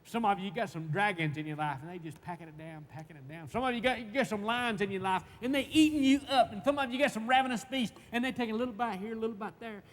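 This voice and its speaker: A man preaching a sermon, stammering and repeating words in folksy, emphatic speech that swings from loud to hushed. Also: high voice, fast talker, hardly any pauses. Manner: emphatic, swinging between shouts and hushed tones. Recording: long reverb, faint background noise.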